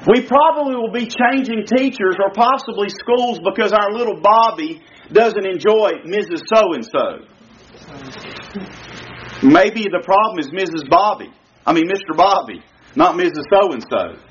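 A middle-aged man preaching a sermon on parenting, emphatic and repetitive, swinging his pitch to act out quotes. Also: fairly bright tone, a little hiss or hum. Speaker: pastor. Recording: dull lo-fi sound.

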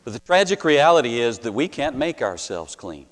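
A man preaching a sermon, telling a story earnestly with dramatic pauses and rising to louder passages. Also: mid-range voice, big pitch swings. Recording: long hall reverb.

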